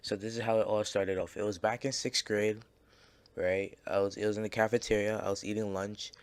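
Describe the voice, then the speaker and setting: A man's voice: fairly low pitch, flat delivery, a little fast, clean tone. A man casually telling a story over gameplay, rambling and swearing, with lots of fillers and restarts. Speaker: gaming channel creator.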